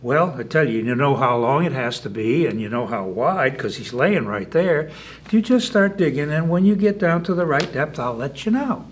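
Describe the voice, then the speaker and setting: A storyteller man voicing a clever male rabbit trickster in a folk tale, talking in a bright, confident, coaxing way. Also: on the high side, lively intonation, moderate pace, natural voice. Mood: sly.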